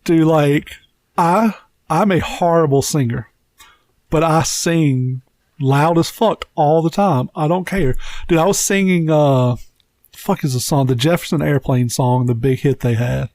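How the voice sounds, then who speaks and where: A man in his thirties with a slightly nasal tone and a faint southern twang, spinning long, profane stories in casual podcast chat. His voice sits a touch high, and the close mic sounds dry and free of room sound. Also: unhurried, darkish tone, no echo. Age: 30s. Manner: rambling, profane storyteller. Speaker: podcast co-host.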